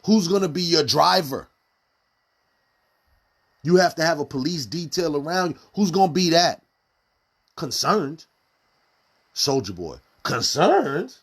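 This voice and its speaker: A man's voice: fairly high pitch, normal speed, pauses often. A man giving casual live-stream commentary, firing off rhetorical questions in street slang. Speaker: community commentator.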